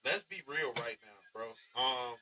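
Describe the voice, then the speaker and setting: A man's voice: medium pitch, expressive, measured pace, a crowd in the background, low-quality recording. A man talking as a podcast guest, making slangy, boastful football trash talk. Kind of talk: casual sports podcast banter.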